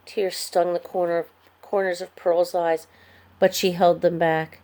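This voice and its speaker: A woman narrating a children's chapter book aloud in an expressive storytelling manner. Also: on the low side, measured pace. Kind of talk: scripted narration.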